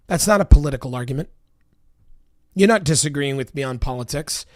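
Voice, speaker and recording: A man's voice: fairly high pitch, lively intonation, a little fast, fairly bright tone, dry recording, studio quality. A man delivering a heated, profanity-laced political rant, emphatic and repetitive. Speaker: political commentator.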